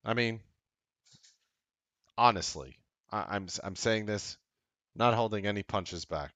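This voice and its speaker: Deep-voiced blunt man giving a pep talk. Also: a little slow, pauses often, no room sound. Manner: casual and blunt, with frequent swearing; earnest, grows loud and emphatic. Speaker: trading show host. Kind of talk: motivational talk to a live audience.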